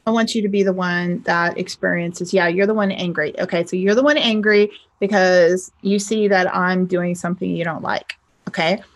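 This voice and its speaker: A woman who works as a spiritual teacher and life coach teaches casually to a camera in a fairly low voice at a moderate pace. She's chatty and animated, often checking in with "okay?" and acting out both sides of an argument.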